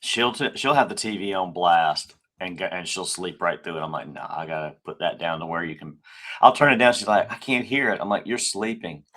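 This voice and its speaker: A man's voice: deep voice, expressive, a little fast, fairly bright tone. A man co-hosting a casual chat podcast, easygoing and agreeable, often chuckling along. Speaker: podcast co-host.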